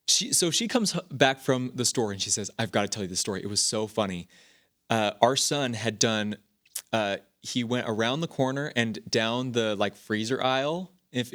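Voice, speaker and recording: A man in his thirties hosting a podcast, telling personal stories in a casual, rambling way with frequent restarts and fillers. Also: medium pitch. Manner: rambling, animated storytelling with many restarts. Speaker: podcast host. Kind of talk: casual talk.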